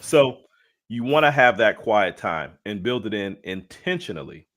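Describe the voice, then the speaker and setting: A man's voice: on the low side, very animated, measured pace, fairly bright tone. A man co-hosting a casual leadership webinar, playful and jokey, mixing slang asides with talk of faith. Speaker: co-host and leadership coach.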